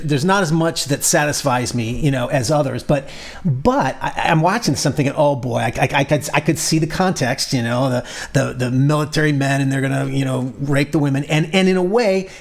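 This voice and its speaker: A man co-hosting a podcast in casual chat, talking with a hesitant, halting delivery full of restarts. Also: on the high side. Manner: hesitant, many restarts and fillers. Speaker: podcast co-host.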